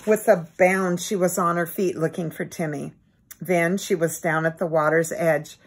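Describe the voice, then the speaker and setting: A woman gently reading a children's book aloud in an expressive bedtime manner. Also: lowish voice, moderate pace, breathy edge. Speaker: storybook reader.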